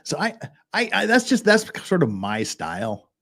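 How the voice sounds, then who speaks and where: A man's voice: fairly high pitch, wildly swooping pitch, normal speed, creaky, fairly bright tone. A man hosting a legal commentary show, talking casually in a rambling way with restarts and chuckles. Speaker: host of a legal commentary channel.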